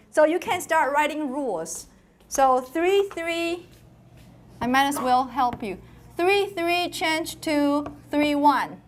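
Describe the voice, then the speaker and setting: Woman, university lecturer, slow pace, classroom teaching, drawn-out chanted syllables. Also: high voice, a little hiss or hum. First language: Taiwanese. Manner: demonstrates tones by chanting syllables slowly.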